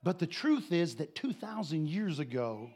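A male preacher giving a sermon, swinging between quiet, joking asides and shouted proclamations. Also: on the high side, very animated, normal speed, breathy edge. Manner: folksy, joking, with laughter.

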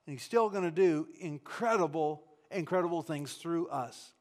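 At normal speed, a male preacher with a rather high voice gives a fervent, emphatic sermon. Pressing every point, he keeps restarting and repeating himself.

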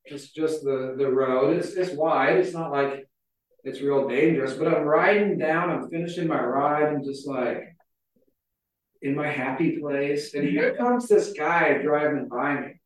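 A man's voice: fairly high pitch, unhurried. A man preaching a casual, conversational sermon, telling stories with a lot of filler words. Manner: chatty, storytelling, frequent "like" fillers. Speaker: pastor. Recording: very echoey hall, mic far off.

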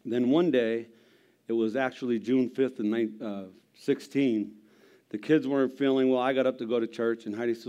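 A middle-aged man telling his conversion story in a church, gruff and humorous, with a storyteller's pacing. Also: medium pitch, steady tone, normal speed, dark tone. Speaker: lay preacher giving testimony. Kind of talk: sermon testimony.

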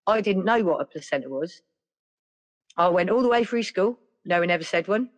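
A middle-aged woman, a podcast guest telling stories in a lively, casual way. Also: on the low side, fairly quick, dull audio. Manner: lively, acts out other people's voices. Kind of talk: casual storytelling.

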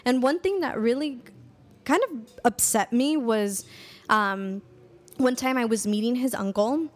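A woman's voice: a little high, measured pace. Chatty young woman podcast co-host. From Salvadoran American. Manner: chatty, many fillers and restarts. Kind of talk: casual chat.

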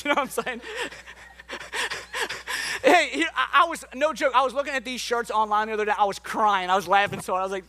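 A man's voice: sits high, moderate pace, pauses often. A man preaching a sermon as pastor, joking playfully with the congregation before turning to scripture. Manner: playful, jokey and animated with the crowd. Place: church hall with a congregation.

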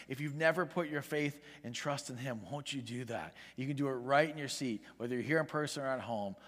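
A man preaching a sermon as pastor, earnest and pleading, rising in volume for emphasis. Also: mid-range voice. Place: church sanctuary. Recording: long reverb of a large hall.

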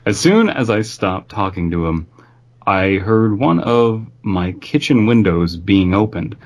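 A man's voice: fairly low pitch, lively intonation, a little slow. A man reading a creepy story aloud in an offhand, amused way, stopping to comment on it.

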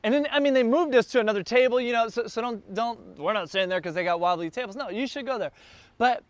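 A man telling a casual travel story, chatty and getting more excited as he goes. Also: extremely high pitch, quick pace, no echo.

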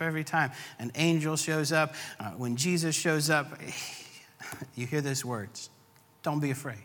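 A man's voice: medium pitch, moderate pace, a bit bright, big-room sound. A man preaching a sermon, earnest and building emphasis through repeated phrases. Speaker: pastor.

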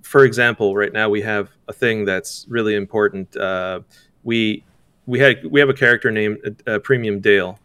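Male interview guest, smooth tone, halting delivery, easy laughs. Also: fairly low pitch, fairly even intonation, a bit bright, no room sound. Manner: hesitant, many restarts, laughs often. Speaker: game developer guest. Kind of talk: casual interview talk.

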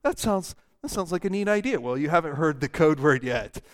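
A man's voice: on the high side, expressive, brisk. A man preaching a sermon as pastor, playful and often laughing as he mimics people. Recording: long church hall reverb.

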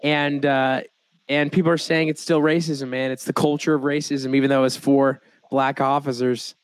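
A man's voice: medium pitch, level tone, moderate pace, smooth. A young American man hosting a casual podcast, joking around and laughing often. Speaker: podcast host.

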